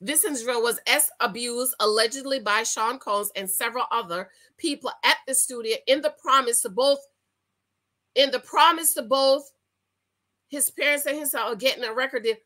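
A woman's voice: a little high, moderate pace, pushed and bright, poor audio. A middle-aged woman hosting a commentary vlog, reading news aloud and reacting indignantly while talking straight to her viewers. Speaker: YouTube commentary host.

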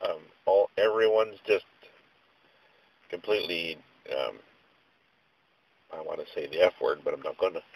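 A man with a husky, slightly rough voice rants casually to his viewers. His pitch swings up and down a lot as he rambles through everyday complaints in an exasperated way, dropping mild slang as he goes. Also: rough recording. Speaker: vlogger. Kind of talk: casual rant to camera.

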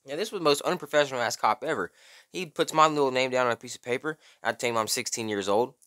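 Bright-voiced young man telling a story. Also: fast talker. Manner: slangy, animated, says "bro" often; acts out quotes in high strained voice. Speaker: vlogger. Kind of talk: casual storytelling.

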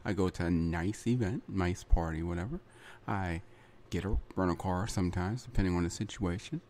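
A man's voice: low voice, moderate pace, darkish tone, a little hiss or hum. A man hosting his own podcast, talking in a chatty solo monologue full of repeats and asides like "right?" and "you know". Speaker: podcast host.

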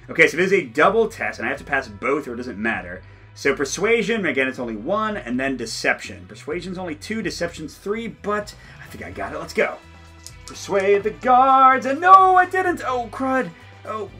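Lively, bright-voiced man playing a board game. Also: on the high side, husky. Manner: playful, laughs and jokes between readings. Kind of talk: solo board game playthrough, reading story text aloud.

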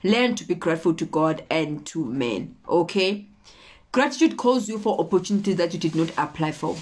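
A woman's voice: lowish voice, animated, normal speed, darkish tone, a little hiss or hum. A woman preaching a motivational sermon, repeating her points and checking in with her listeners. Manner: repetitive, exhorting, often checking in with "okay?".

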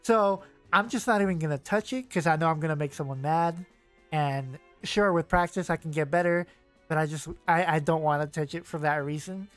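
A man's voice: fairly high pitch, fairly quick, fairly bright tone, faint music behind. A young man streaming a video game, chatting casually and rambling with lots of fillers and self-corrections. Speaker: gaming streamer. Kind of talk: casual let's-play chat.

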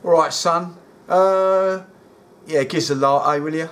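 A man voicing a blunt, eager young Geordie addict in rehab, with a Geordie accent. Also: unhurried. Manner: eager and blunt, lively rises in pitch.

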